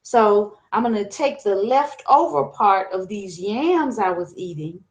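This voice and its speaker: A woman voicing a caring mother in a folktale, gentle and pleading. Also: medium pitch, lively intonation, unhurried.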